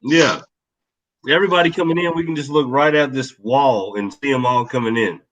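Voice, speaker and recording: A man's voice: medium pitch, brisk, a bit bright, a little hiss or hum, low-quality recording. A man guest telling a casual, profane story in a laid-back, rambling way.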